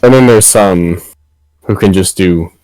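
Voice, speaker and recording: A man's voice: deep voice, a little slow, darkish tone, no echo, poor audio. A man chatting casually between tabletop game turns, rambling and restarting his sentences. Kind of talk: casual chat.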